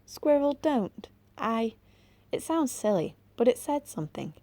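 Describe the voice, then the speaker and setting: A woman voicing an excitable, soft-hearted girl in a storybook reading, talking urgently and pleading. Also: on the high side, unhurried, dry recording, voice pushed up.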